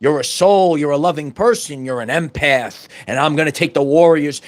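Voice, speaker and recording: A middle-aged man hosting a podcast, giving a fervent spiritual monologue full of repetitions and stumbling restarts that rises into loud bursts. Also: fairly high pitch, normal speed, few pauses. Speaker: podcast host.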